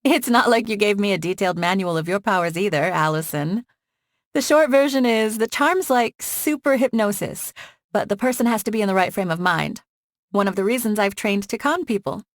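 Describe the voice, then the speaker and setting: A woman's voice: mid-range voice, expressive, moderate pace, no room sound, clean studio sound, pitched above the performer's own voice, lightly acted. A woman voicing a playful young con-artist woman in an audiobook, talking in a breezy, teasing way.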